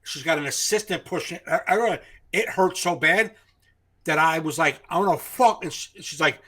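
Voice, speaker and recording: A man's voice: fairly high pitch, moderate pace. A man co-hosting a podcast, telling profane stories in casual chat. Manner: animated, profane storytelling. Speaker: podcast co-host.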